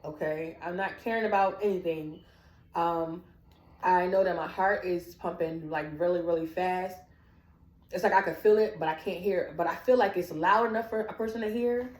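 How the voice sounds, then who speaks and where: A woman's voice: lowish voice, moderate pace. Storytelling woman in an echoey room. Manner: animated, acts out quoted dialogue. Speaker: family member telling her story. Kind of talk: personal storytelling.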